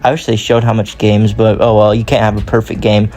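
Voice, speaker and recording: A man's voice: lowish voice, little pitch movement, a little fast, a little mellow, faint music behind. Rambling young man commenting on a game. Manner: rambling, corrects himself often. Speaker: gaming YouTuber.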